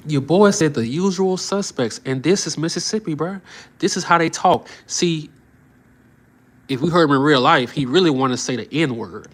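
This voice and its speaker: A man's voice: fairly high pitch, moderate pace. A man commenting on the news on a live stream, heated and preachy, who often repeats short phrases for emphasis.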